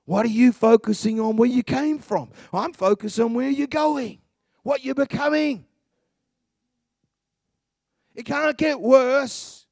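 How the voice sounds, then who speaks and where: A middle-aged male preacher with a high, gravelly voice, delivering a passionate sermon. He takes his time, drops to near whispers and rises to shouts. The sound is close and dry. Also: unhurried, no room sound. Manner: passionate, swings from hushed murmurs to shouts.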